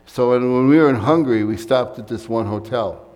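An American pastor preaches a sermon in a church sanctuary, keeping it conversational with fillers and asides. His voice sits at medium pitch with a darkish tone, he speaks fairly quickly, and the recording has a big-room sound.

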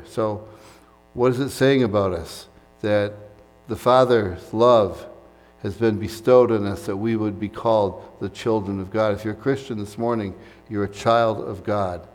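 Lowish-voiced man preaching in a reverberant hall. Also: fairly even intonation, a little slow, darkish tone, soft background music. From United States. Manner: conversational preaching with fillers and asides. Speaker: pastor. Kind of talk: sermon.

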